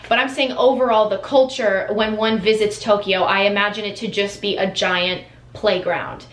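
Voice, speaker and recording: In an echoey room, an American woman with a medium pitch and a fairly bright tone vlogs to camera. She's casual and enthusiastic, often using fillers and starting sentences over.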